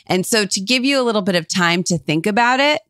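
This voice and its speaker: A woman's voice: mid-range voice, expressive, fast, a bit bright, clean tone, no room sound, clean studio sound. A woman from Cleveland with a Cleveland accent, co-hosting a podcast in casual, upbeat chat that is full of "like". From Cleveland, Ohio. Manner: chatty and upbeat, heavy use of "like". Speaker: podcast co-host.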